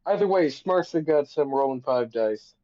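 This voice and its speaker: A man's voice: a little high, expressive, moderate pace, no room sound, muffled recording. A man playing a tabletop game, making dry, wry remarks. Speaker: player. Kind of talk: casual chat at a game table.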